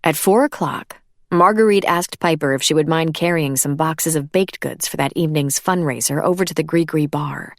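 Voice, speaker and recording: A woman narrating an audiobook in a measured, even reading. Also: sits low, no room sound, studio quality. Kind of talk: scripted narration.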